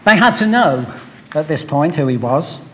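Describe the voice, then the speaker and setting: A man's voice: fairly high pitch, lively intonation, fairly bright tone. Man preaching a sermon, light noise. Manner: storytelling with quoted voices, measured pauses.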